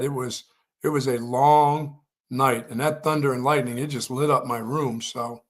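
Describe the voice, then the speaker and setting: Rambling man co-hosting a radio show. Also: mid-range voice. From Pennsylvania. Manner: rambling, repeats himself, stammers. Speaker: sports radio co-host. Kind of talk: casual morning show chat.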